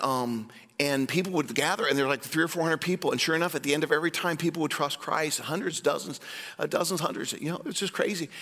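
Man, pastor, sermon, high bright voice, long reverb of a church sanctuary. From Iowa, US. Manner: storytelling preacher, animated asides to the congregation.

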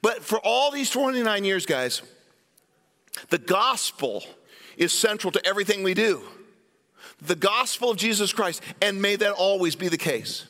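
A pastor in his fifties or older, from Iowa, preaching a sermon and telling a story, with animated asides to the congregation. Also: high-pitched, normal speed. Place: church sanctuary. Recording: long hall reverb from a church sanctuary.

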